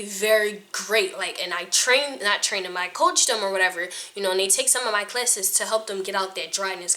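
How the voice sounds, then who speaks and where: Frank, laughing woman with a bright voice. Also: mid-range voice. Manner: frank, chatty, laughs often. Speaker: acting coach and casting judge. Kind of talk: casual advice to camera.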